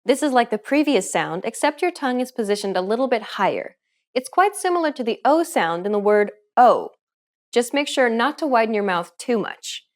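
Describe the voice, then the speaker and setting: A woman narrating a scripted pronunciation lesson as the teacher, clear and upbeat. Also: fairly high pitch, lively intonation, normal speed.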